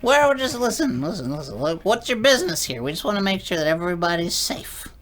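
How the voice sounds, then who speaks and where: A woman's voice: lowish voice, very animated, fast talker, pitched below the performer's own voice. A woman voicing a folksy adventurer with a put-on American Southern drawl, talking easygoing and placating.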